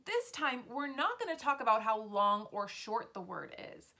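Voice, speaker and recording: Woman teacher, bright higher voice, slow clear encouraging lesson for little kids. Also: sing-song. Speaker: pre-k teacher. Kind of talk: early reading lesson for young children.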